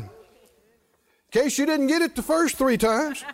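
A man preaching a sermon, drawing answers from the congregation and building to shouted lines. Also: very high voice, huge pitch swings, slow, pauses often, a faint crowd. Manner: preaching with call-and-response, rising to shouts. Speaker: pastor.

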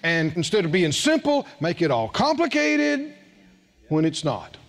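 High-voiced, lively preaching man. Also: a little slow. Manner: animated, asks the congregation questions. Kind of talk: sermon with personal story.

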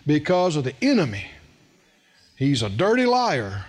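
A middle-aged man preaching a sermon and telling a personal story, animated and asking the congregation questions. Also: fairly high pitch, unhurried.

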